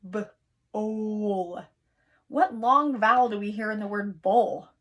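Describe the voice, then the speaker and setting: In a recorded lesson for young children, a woman teacher patiently sounds out words slowly and encourages her listeners. Her voice sits fairly high and has a slightly bright quality.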